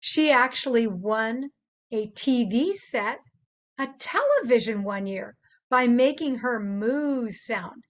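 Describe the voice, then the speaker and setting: An older woman talks gently to children, easing them into imitating animal sounds. Her voice sits high and swings widely, and she speaks at an unhurried, slow pace. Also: animated. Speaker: children's presenter. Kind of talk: gentle instructional talk to children.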